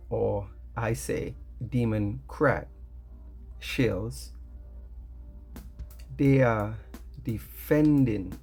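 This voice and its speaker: A man giving emphatic commentary in slow, drawn-out phrases. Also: mid-range voice, vocal fry, warm tone, husky. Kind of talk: slow commentary over music.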